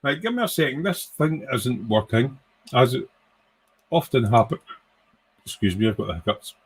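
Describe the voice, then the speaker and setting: A man's voice: mid-range voice, expressive, normal speed, slightly rough. A man hosting a casual live stream, rambling cheerfully, swearing freely and reading out viewer comments.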